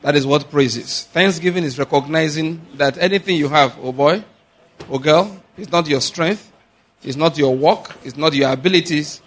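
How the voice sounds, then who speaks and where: A man preaching a sermon, animated, acting out little dialogues and slowing to a measured chant on scripture. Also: on the high side. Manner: animated, acts out little dialogues and laughs often. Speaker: pastor.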